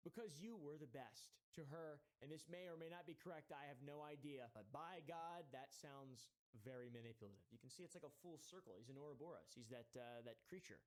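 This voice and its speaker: A man's voice: on the high side, fairly quick, few pauses. A man narrating a commentary video, walking through timestamps in a dry, sardonic way.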